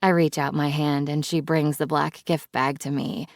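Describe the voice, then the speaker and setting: A woman's voice: sits low, level tone, moderate pace, no echo, clean studio sound. A woman narrating a first-person romance audiobook in a wry, playful, intimate way.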